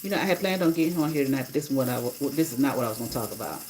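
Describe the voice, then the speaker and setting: A woman's voice: very deep voice, animated, very fast, a little mellow, a little hiss or hum, poor audio. A woman on a casual livestream, telling a story bluntly and indignantly and swearing freely. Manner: blunt, profane, indignant retelling. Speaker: livestreamer and rideshare driver.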